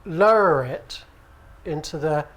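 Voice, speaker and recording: A British acupuncture teacher gives a relaxed, conversational conference lecture in a room with an audience, using a handheld microphone. His voice is fairly high and slow, and he asks the audience for agreement.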